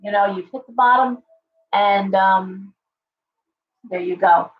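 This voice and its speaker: Woman tarot host, live stream, a little hoarse from losing her voice, chatty and reassuring, roomy dull audio. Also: medium pitch, takes it slowly. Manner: chatty, reassuring, addresses viewers directly. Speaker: tarot reader hosting a live show.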